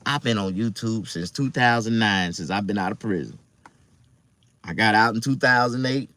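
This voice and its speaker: A man's voice: on the low side, normal speed, sharp tone, dry recording. A middle-aged man with a Southern US accent, telling his life story casually to his viewers, loose and profane with lots of fillers.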